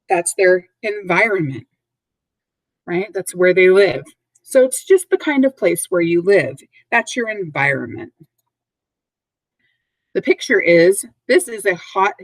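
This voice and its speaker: A woman teaching a recorded vocabulary lesson to third graders, speaking slowly and clearly, with call-and-response prompts. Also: on the low side, dry recording, poor audio.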